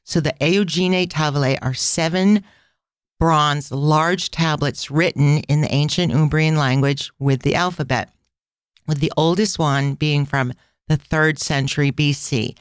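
A woman's voice: low voice, a little slow, clean tone, no echo, studio quality. A woman hosting a casual travel podcast, telling stories in a chatty way with tangents and asides. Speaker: podcast host.

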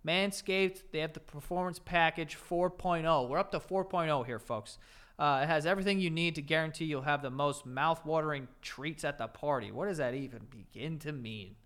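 A man's voice: fairly high pitch, normal speed, fairly bright tone. A man co-hosting a podcast, reading an ad in a casual, jokey way and laughing at the copy. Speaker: podcast co-host. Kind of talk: casual chat with ad reads.

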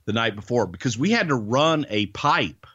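A man's voice: mid-range voice, lively intonation, normal speed, a bit bright, slightly rough, dry recording, highs cut off. A man telling a backstage story in a casual interview, rambling with restarts and casual swearing. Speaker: guest, former wrestling TV producer.

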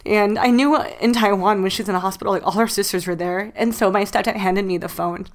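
A podcast host in her late twenties recounts a painful family memory in casual chat, her medium-pitched voice steady and quick. Close to tears, she tells it emotionally, filling it with lots of "like."

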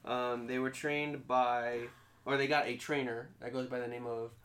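A man's voice: mid-range voice, level tone, moderate pace, a bit bright. A man co-hosting a casual podcast, explaining things hesitantly with lots of ums. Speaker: podcast co-host. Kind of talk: casual chat.

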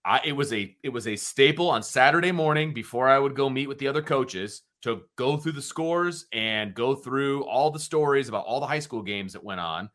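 Lively, bright-voiced folksy sports co-host. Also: male voice, mid-range voice, moderate pace, hardly any pauses. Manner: emphatic, folksy interjections. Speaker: sports talk co-host, former high school football coach. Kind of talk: casual radio talk.

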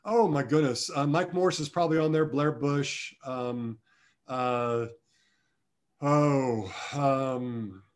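Man, middle-aged, interview guest, rambling, self-deprecating, frequent restarts, mid pitch. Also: takes it slowly. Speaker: interview guest, former long snapper. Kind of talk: conversational storytelling interview.

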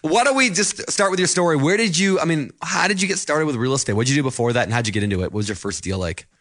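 A man's voice: fairly high pitch, very fast, fairly bright tone. A man co-hosting a podcast, chatting casually and asking joking, rambling questions. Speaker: podcast co-host. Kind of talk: casual chat.

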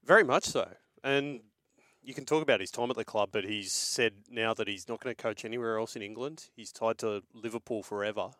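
A man giving measured, confident football analysis on a radio show. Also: on the low side, fairly bright tone, no room sound, clean studio sound. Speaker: football pundit. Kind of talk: sports analysis.

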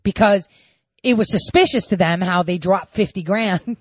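A woman's voice: medium pitch, moderate pace, no echo. Sarcastic woman political commentator, dull dry sound. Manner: sarcastic, animated, reads quotes aloud. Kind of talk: opinionated commentary.

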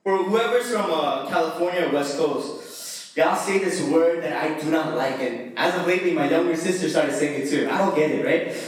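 A man's voice: on the high side, normal speed. A young man preaching a casual, slangy sermon with laughing asides to a congregation. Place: church hall. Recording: echoey hall, mic far off.

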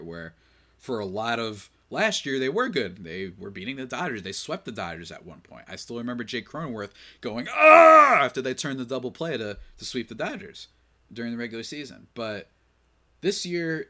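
A man hosting a casual sports podcast, opinionated and quick to rant in exasperation, running on little sleep. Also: mid-range voice, pushed and bright. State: short on sleep. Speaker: podcast host.

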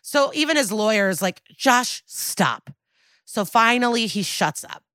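A woman's voice: a little high, expressive, normal speed, fairly bright tone, no room sound. A woman co-hosting a podcast, recapping an episode in a chatty, wry way and acting out the quoted lines. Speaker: podcast co-host.

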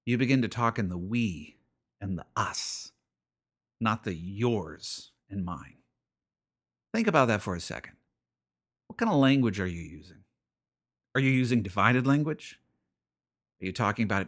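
A man's voice: on the low side, lively intonation, normal speed, long pauses, over music. A man hosting a radio show, preaching in an earnest, conversational way and often repeating his phrases. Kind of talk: radio sermon.

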